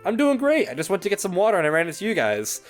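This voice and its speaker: A bubbly, excitable schoolgirl read aloud by a man playing a visual novel, her voice jumping high and lively. A bit of game music hums behind. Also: racing. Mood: cheerful. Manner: upbeat and excitable. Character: bubbly, cheerful teenage schoolgirl.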